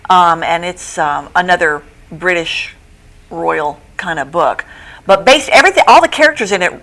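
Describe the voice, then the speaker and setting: A middle-aged woman who runs a bookstore, chatting as a guest in a local TV studio interview, animated and quick to laugh as she retells plots. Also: poor audio. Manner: acts out quoted lines in a higher voice. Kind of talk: casual TV interview chat.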